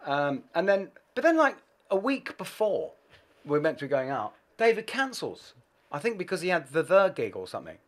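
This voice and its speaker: Brief: expressive male musician guest, candid and profane, with a wide pitch range. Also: normal speed. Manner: swearing, self-deprecating, animated. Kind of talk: anecdotal storytelling.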